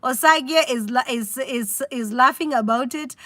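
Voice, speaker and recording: A woman with a Kenyan accent hosting a casual livestream, chatty and animated, reading out comments and mixing in Swahili. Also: high-pitched, a little slow, dry recording. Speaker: livestream host.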